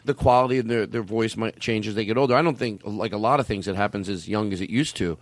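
A man's voice: lowish voice, fast talker, dry recording. A man in his fifties hosting a comedy show, joking loosely with frequent hesitations. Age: 50s. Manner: animated, jokey, frequent hesitations. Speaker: comedy podcast host.

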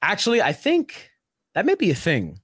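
A young man from Brooklyn, rambling in a casual podcast chat, full of "like" and quick asides. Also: sits high, slightly rough, no room sound, clean studio sound. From Brooklyn, New York. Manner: rambling, animated, heavy on filler "like".

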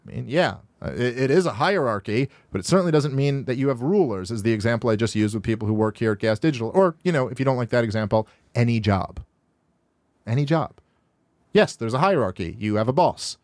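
A man's voice: animated, fairly quick, darkish tone, no room sound. Exasperated man arguing on a podcast. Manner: exasperated, rising sharply in pitch when rebutting. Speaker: podcast host reacting to a video. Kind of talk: argumentative commentary on a played clip. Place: podcast studio.

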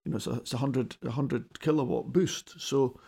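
A man giving halting, considered opinions as a pundit in a panel chat, with many restarts. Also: medium pitch, steady tone, gravelly, warm tone, breathy edge.

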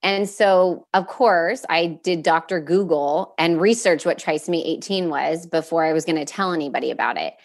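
A woman as a podcast guest, telling a personal story candidly in a halting way, openly emotional and near tears at times. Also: low-pitched. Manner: halting, with fillers and restarts.

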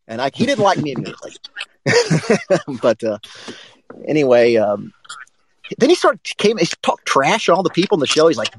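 A man co-hosting a live sports talk show, telling a rambling, profane story in a casual, animated way. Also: fairly high pitch, brisk, slightly rough, low-quality recording.

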